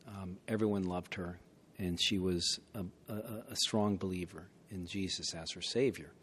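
A man in his sixties telling a folksy personal story, often clearing his throat. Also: sits low, fairly even intonation, moderate pace, fairly bright tone. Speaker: speaker telling a conversion story. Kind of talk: anecdotal storytelling talk. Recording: long hall reverb.

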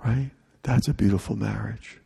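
A man's voice: fairly low pitch, normal speed, vocal fry, warm tone, breathy edge, big-room sound. A man preaching a sermon in a humorous, conversational way, acting out little dialogues.

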